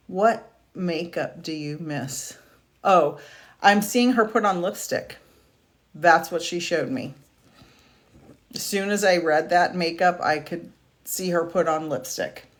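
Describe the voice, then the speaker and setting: A woman doing a live-streamed psychic reading, speaking softly and haltingly with many fillers, at times close to tears. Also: low voice. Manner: slow, soft-spoken, halting with fillers and restarts; emotional, tearful at moments. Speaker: psychic medium. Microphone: video call or stream mic.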